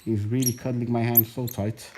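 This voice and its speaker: Casual man, mid pitch, sing-song pet talk, echoey home room, noisy phone recording. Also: level tone, normal speed. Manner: coaxing, talks to his monkey in a sing-song pet voice. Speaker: pet vlogger. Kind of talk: casual pet video narration. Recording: echoey room with noticeable noise.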